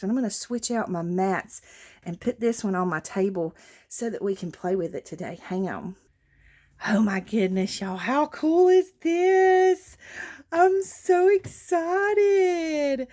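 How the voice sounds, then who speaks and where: A woman chatting casually and emotionally to her viewers as a craft channel host, with lots of fillers. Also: mid-range voice. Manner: emotional, gushing, warm thanks with many fillers.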